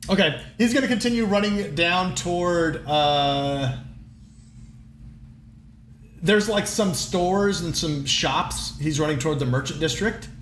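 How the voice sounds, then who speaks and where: Male game master, hesitant narration, lots of ums, slightly high, faint background hiss. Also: expressive, a little slow, fairly bright tone. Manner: hesitant, lots of fillers, laughing.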